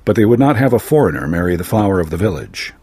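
Man doing bitter English officer, low voice, husky, dry. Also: very animated, fast talker, mellow, dry recording, full character voice.

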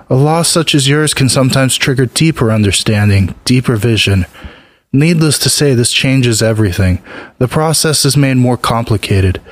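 A man voicing a calm, sorrowful goddess of grief who speaks in a measured, matter-of-fact way. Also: medium pitch, dry recording, natural voice.

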